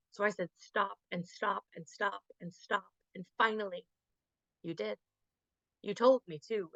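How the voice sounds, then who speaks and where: A woman reading her spoken word poetry at an online open mic, with a rhythmic, rhyming delivery and deliberate pauses. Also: mid-range voice, gravelly, fairly bright tone, dry recording, lo-fi sound.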